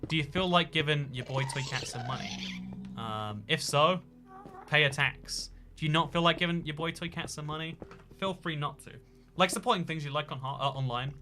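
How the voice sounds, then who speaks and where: A man's voice: a little high, moderate pace, bright, forceful tone, faint music behind. A man hosting a casual livestream and reading out chat donations. He talks in a rambling, jokey way, full of fillers and restarts.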